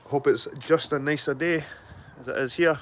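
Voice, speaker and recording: A middle-aged livestreaming vlogger walks round his allotment outdoors, chatting casually and rambling to live viewers through a handheld phone. His voice is on the high side, with fairly even intonation at a normal speed, and he's rambling, sweary and matter-of-fact. A little hiss or hum is present.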